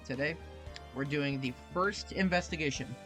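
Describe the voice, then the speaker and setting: A man hosting a game playthrough, chatting casually and reacting aloud to the story. His voice sits in a middle register, and game music plays clearly under his commentary. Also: on the high side, normal speed, fairly bright tone. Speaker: gaming YouTuber.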